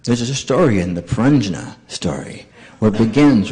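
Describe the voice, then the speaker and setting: Middle-aged male lecturer, animated storyteller with a low, expressive voice. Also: moderate pace. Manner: animated, acts out dialogue. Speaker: visiting monk speaker.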